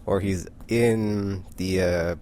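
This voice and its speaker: A man's voice: low voice, steady tone, takes it slowly, darkish tone, a little hiss or hum. A man casually recapping a comic book, rambling with lots of "like" and frequent self-corrections.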